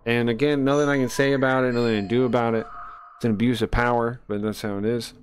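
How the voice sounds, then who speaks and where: A man's voice: medium pitch, level tone, fast talker. A man streaming a game while ranting casually and indignantly, swearing often and laughing mid-sentence. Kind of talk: casual rant while gaming.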